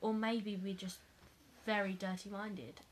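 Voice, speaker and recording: A woman's voice: medium pitch, little pitch movement, measured pace, a little hiss or hum. A woman co-hosting a podcast, reading a fairy tale aloud and chatting about it with mock-dramatic asides. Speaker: podcast co-host.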